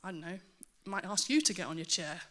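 A woman preaching a sermon to her church, earnest and animated, with self-mocking asides. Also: on the low side, a little fast.

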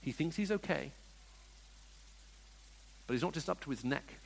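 Preacher in a reverberant hall. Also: male voice, fairly high pitch, lively intonation, normal speed, vocal fry, slight background noise. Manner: dramatic, shifting between hushed storytelling and emphatic rising questions. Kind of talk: sermon. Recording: long reverb of a large hall.

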